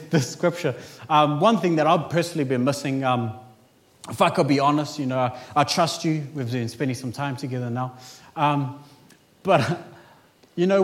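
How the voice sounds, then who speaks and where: A man delivering a sermon with a fairly high-pitched voice. He preaches in an animated, conversational way, pushing key lines loud and dropping into quick, quiet asides and light jokes. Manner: conversational, with casual fillers and jokes.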